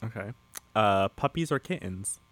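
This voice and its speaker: Lively podcast host, animated pitch, quick questions, frequent laughs. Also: no echo. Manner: lively, laughs often, runs a rapid-fire game. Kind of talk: casual podcast hosting.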